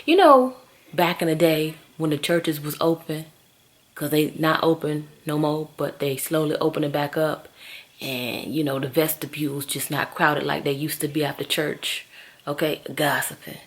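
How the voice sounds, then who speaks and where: A woman, telling stories to camera in a lively, gossipy way and calling her viewers "girl". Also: low voice, normal speed. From Southern US. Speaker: vlogger. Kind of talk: casual chatty storytelling to camera.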